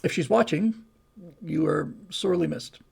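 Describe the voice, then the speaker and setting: Male livestream host, slightly high voice with heavy fry, rambling and chatty. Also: moderate pace, a little mellow. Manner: rambling, chatty, with many restarts and fillers. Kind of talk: casual livestream Q&A.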